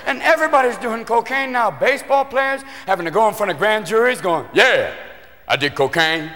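Brash high-voiced man doing stand-up. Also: quick pace. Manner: brash, profane, animated, jumps into shouted character voices. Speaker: stand-up comedian. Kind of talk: stand-up comedy set. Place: large comedy venue with live audience. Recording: live venue recording with long reverb and crowd noise. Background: audience laughter and crowd ambience.

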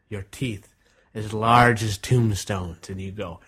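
A man leading a guided visualization, narrating vividly and dramatically, sometimes dropping to a hushed whisper. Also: lowish voice, fairly even intonation, slow, breathy edge.

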